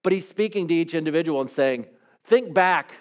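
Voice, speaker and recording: A man's voice: fairly high pitch, quick pace, a little mellow. A male pastor preaching a sermon in a conversational, earnest way, often acting out the voices of people he quotes.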